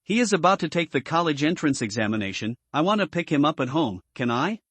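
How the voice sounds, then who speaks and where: A man's voice: on the high side, big pitch swings, quick pace, a bit bright, dry recording. A man voicing the ghost of a grieving mother who pleads anxiously for her son. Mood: pleading.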